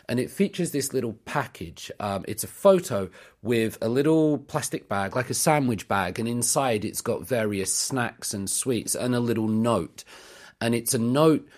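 A man's voice: mid-range voice, darkish tone. A man hosting a casual discussion, speaking in an articulate, reflective way with light laughs. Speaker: host.

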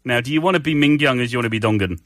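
A man's voice: medium pitch, rapid-fire, fairly bright tone, dry recording, studio quality. A man co-hosting a Korean language lesson, bantering playfully and slipping into joke impressions. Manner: playful, jokey, does impressions. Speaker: co-host teaching Korean.

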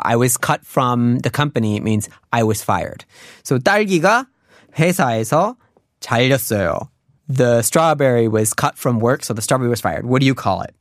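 A man teaching a casual language lesson, explaining terms patiently in a relaxed way with frequent fillers. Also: mid-range voice, no room sound, studio quality.

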